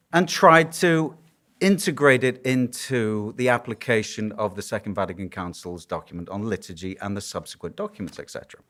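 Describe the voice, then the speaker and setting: Man, Yorkshire accent, priest, conference lecture, animated pitch, wry self-deprecating humor. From Yorkshire, England. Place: conference hall.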